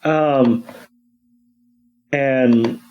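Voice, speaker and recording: A man with a mid-range voice walks through the plot at an unhurried pace. His telling is loose and meandering, with frequent ums and restarts. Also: mid-range voice, fairly even intonation, clean tone, muffled recording. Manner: rambling, many ums and restarts. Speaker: podcast co-host. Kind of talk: casual episode recap.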